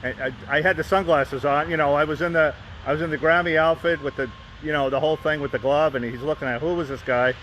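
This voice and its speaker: A man's voice: on the high side, steady tone, fast talker, fairly bright tone, muffled recording, a little hiss or hum. A man live-streaming from a phone outdoors, rambling casually with frequent restarts and asides. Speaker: vlogger and fan group host.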